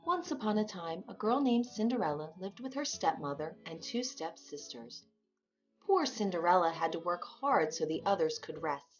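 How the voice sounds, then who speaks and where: A woman narrating a fairy tale in a clear, expressive storybook manner. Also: lowish voice. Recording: dull lo-fi sound with faint music.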